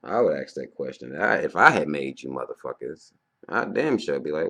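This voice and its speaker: A man in his thirties with an extremely low, gravelly voice talks through a loose, profane monologue. He rambles and then bursts out loudly. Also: moderate pace. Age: 30s. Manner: profane and rambling, with loud animated outbursts. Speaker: vlogger. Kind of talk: casual monologue.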